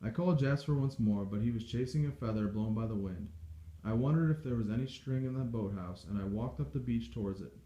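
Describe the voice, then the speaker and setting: A man reading a novel aloud in steady, measured storytelling. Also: medium pitch. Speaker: audiobook reader. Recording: dull echoey home recording.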